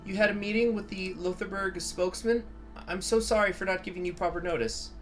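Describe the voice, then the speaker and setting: A man's voice: sits high, fairly even intonation, fairly quick, faint music behind, pitched above the performer's own voice, lightly acted. A man voicing a nervous young female secretary who stammers and apologizes. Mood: flustered.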